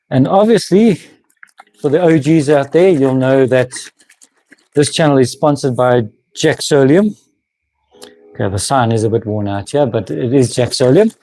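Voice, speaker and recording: A man's voice: medium pitch, warm tone. A man hosting a woodworking live stream, chatting casually with viewers, laughing often and restarting his sentences. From South Africa. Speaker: woodworking channel host. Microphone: camera mic, moving handheld camera.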